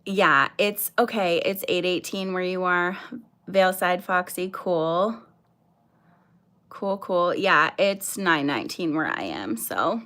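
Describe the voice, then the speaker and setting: A woman's voice: fairly low pitch, lively intonation, slow, pushed and bright. A woman in her thirties hosting her first casual livestream, chatting nervously and apologetically with lots of fillers while greeting viewers. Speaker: livestream host.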